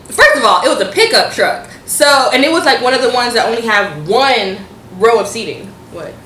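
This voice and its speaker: A woman's voice: a little high, moderate pace, echoey room, slight background noise. A young woman casually telling a college storytime, laughing and mimicking the people she quotes. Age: young adult. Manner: laughing animated retelling with quoted voices. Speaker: storytime vlogger.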